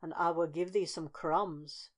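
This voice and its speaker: A woman's voice: lowish voice, fairly even intonation, a little slow. A woman voicing an eager, crafty young boy who talks in a coaxing way.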